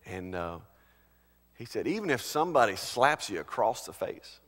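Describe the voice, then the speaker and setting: A male pastor delivering a sermon, swinging between loud, emphatic preaching and quiet, conversational storytelling. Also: on the low side, very animated, moderate pace, long reverb tail.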